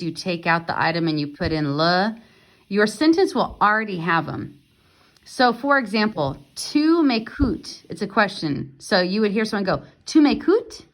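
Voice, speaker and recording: A woman teacher talks through a language lesson slowly, in a middle-pitched voice. She explains patiently, with the odd "um" between steps. It sounds like a relaxed recording made at home. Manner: slow, patient explaining with fillers. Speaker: French teacher.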